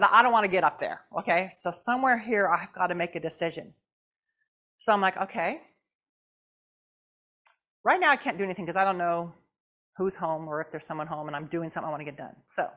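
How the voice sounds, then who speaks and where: Middle-aged woman guest speaker; animated storyteller, lively pitch, bright tone, acts out voices. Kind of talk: storytelling talk. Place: church hall.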